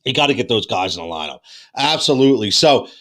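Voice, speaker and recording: A man hosting a fantasy sports live show, excitable and repetitive, with many fillers and restarts, saying he is losing his voice. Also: low voice, rapid-fire. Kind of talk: excited live-stream chat.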